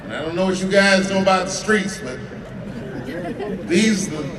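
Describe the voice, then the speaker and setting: A man in his forties tells a long stand-up story in a casual, profane way, with animated rises and drops and dramatic pauses. His fairly high voice carries from a far stage through a huge outdoor amphitheater. The long reverb of the venue and a loud, restless crowd sit behind every line. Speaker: stand-up comedian. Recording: distant, echoing amphitheater sound with crowd.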